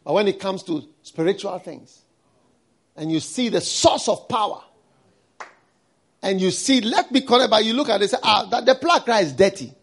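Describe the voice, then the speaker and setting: A man's voice: high-pitched, normal speed, long pauses. A man preaching a sermon in a studio, emphatic, repeating words and firing rhetorical questions at his listeners.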